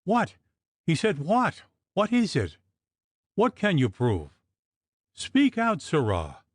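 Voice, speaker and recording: A man voicing a desperate, agitated young gentleman in an audiobook, with a piercing, trembling, pleading voice. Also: fairly high pitch, wildly swooping pitch, slow pace, no echo, clean studio sound, pitched above the performer's own voice, exaggerated voice. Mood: furious. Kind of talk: audiobook character reading.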